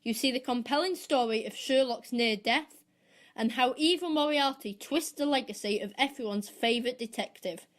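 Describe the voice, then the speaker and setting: A woman co-hosting a film podcast, reading her prepared reviews and recommendations in a steady, measured way. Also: on the high side. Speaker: podcast co-host.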